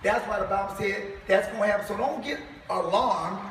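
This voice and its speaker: A man's voice: sits high, a little fast, a bit bright, a little hiss or hum. A man preaching to a live congregation, emphatic and firing rhetorical questions at the crowd. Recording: echoey hall, far from mic.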